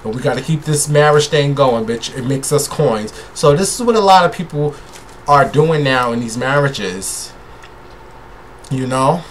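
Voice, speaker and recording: A man's voice: mid-range voice, a bit bright, a little hiss or hum. A man, a tipsy gossip vlogger talking in a sassy, brash, profane way straight to his viewers. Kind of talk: casual celebrity gossip rant.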